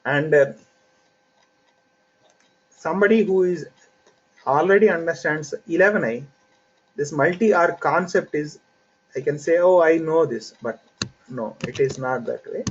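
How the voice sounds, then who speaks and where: Man lecturing slowly through muffled audio. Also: fairly high pitch, slightly rough. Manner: unhurried, explains step by step with fillers. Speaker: software trainer. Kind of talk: online training lecture. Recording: dull lo-fi audio with faint hiss.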